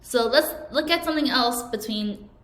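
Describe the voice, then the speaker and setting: A woman teaching English vocabulary to children in a recorded lesson. She speaks clearly and over-enunciates, and she prompts the class to repeat after her. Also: a little high, animated, moderate pace, fairly bright tone. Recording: echoey room.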